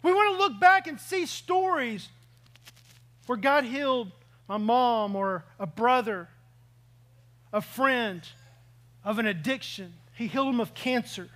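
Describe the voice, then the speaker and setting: A man's voice: very high voice, lively intonation, measured pace, long pauses, fairly bright tone. A man preaching a sermon as pastor, telling a personal story and acting out his own reactions along the way.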